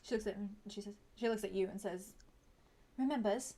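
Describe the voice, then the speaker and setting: A woman narrating as game master of a tabletop game, chatty and quick to laugh, with many fillers. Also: medium pitch, flat delivery, warm tone.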